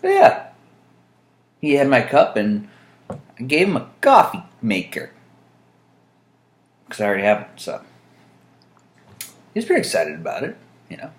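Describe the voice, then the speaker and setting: A man rambling to his camera in a loose, jokey monologue. His pitch swings freely, and he drifts between asides with plenty of ums. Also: wildly swooping pitch, unhurried, long pauses. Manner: dry, jokey, meandering with fillers. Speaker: vlogger.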